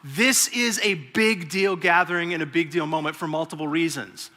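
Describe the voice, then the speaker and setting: A man's voice: a little high, normal speed. A man in his forties, a pastor, telling a personal story in a sermon and acting out the quotes as he goes. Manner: storytelling, animated, acts out quotes. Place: large church hall. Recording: long hall reverb.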